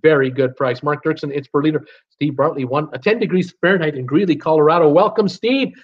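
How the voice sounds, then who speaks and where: A chatty man, fairly high-pitched, reads viewer comments aloud on a live stream. His talk is casual and full of "uh" fillers. The audio is a little dull, like a desktop mic on a stream. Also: quick pace. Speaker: host of a live cruise Q and A stream.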